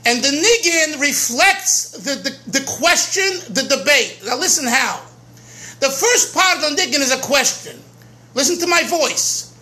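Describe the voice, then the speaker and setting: A rabbi from America giving an informal teaching talk at a gathering, drawn-out and emphatic, often repeating words and stopping to sing a melody. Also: male voice, extremely high pitch, expressive, sharp tone.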